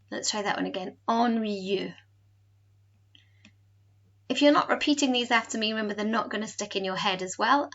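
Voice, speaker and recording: A woman teacher giving a recorded home lesson, slowly modelling words for pupils to repeat. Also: mid-range voice, fairly bright tone, dull audio. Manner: slow, careful modelling of pronunciation. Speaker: French teacher.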